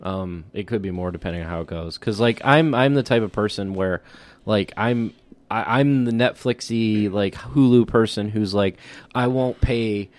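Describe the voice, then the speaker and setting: A man's voice: on the low side, normal speed, no echo. A man co-hosting a podcast in casual chat, easygoing, full of "like" and "you know". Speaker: podcast co-host.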